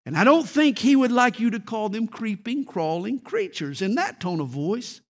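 A man voicing a stern senior male angel who speaks with a firm, measured rebuke. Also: sits high, big pitch swings, exaggerated voice.

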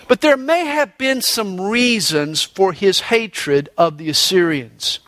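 In a high, fairly bright voice, a pastor preaches at a slow pace with hardly any pauses, recorded without echo. Emphatic throughout, he tells stories, quotes scripture, and delivers a joke through quoted voices.

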